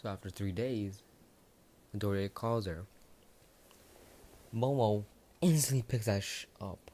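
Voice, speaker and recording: A man's voice: fairly low pitch, unhurried, dark tone. A young man casually telling a fan story, rambling and swearing freely.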